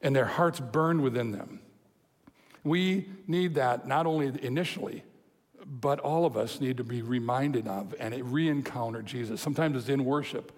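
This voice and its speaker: A man preaching a sermon, telling a story with lively quoted voices and chuckles. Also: mid-range voice, normal speed. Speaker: pastor. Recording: long hall reverb.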